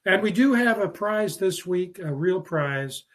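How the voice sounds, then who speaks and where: A man's voice: high-pitched, animated, unhurried, a bit bright. A man hosting a sports talk show, chatting in a rambling, jokey way with many fillers and restarts. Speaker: podcast host.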